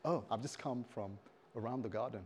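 A calm, matter-of-fact Eve, as a preacher puts her on, answering plainly in a lowered, quieter tone. The lines are short and unhurried, with little show. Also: breathy edge, lightly acted.

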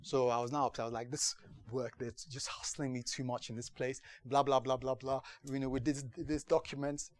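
A man's voice: mid-range voice, flat delivery, brisk. A man preaching as pastor, telling stories from his own life in a sermon and often asking whether listeners follow him. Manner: storytelling, repeats "do you understand". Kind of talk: sermon testimony.

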